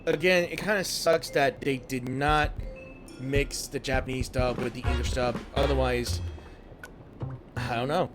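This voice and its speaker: A man's voice: medium pitch, fairly even intonation, unhurried. Man, gaming streamer, casual rambling commentary, headset mic, game music. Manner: rambling, chuckling asides.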